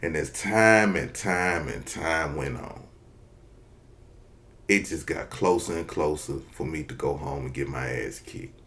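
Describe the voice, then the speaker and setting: A man telling a comic story from his childhood, profane and animated, acting out the people in it. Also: very deep voice, unhurried. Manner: profane, animated, acts out characters. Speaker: comedian storyteller.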